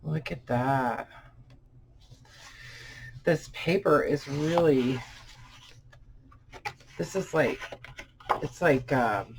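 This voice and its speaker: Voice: medium pitch, extremely slow, gravelly, pauses often, noisy background. A vlogger chatting casually while unboxing old books, rambling and full of fillers. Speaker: vlogger showing book finds.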